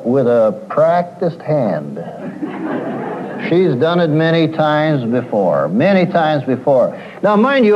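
A man speaking to a live audience as a counselor, his voice pitched a little high and moving a lot as he acts out his clients' complaints. The recording sounds dull and dated, with a faint hiss behind it. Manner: animated storyteller, acts out quoted clients.

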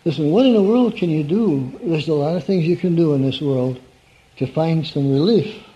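A man's voice: a little high, moderate pace, dark tone. A man preaching an evening sermon in a conversational, folksy way, often putting questions to his listeners. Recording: dull lo-fi recording.

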